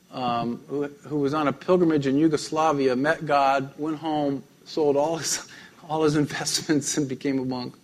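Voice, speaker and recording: A pastor with a mid-range voice preaches a sermon full of stories, often laughing lightly and dropping into a soft, intimate tone.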